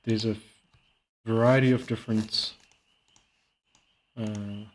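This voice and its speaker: A man chatting casually while playing a game and reacting to a video, rambling and halting with many fillers. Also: fairly low pitch, little pitch movement. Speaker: streamer. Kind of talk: casual gaming commentary.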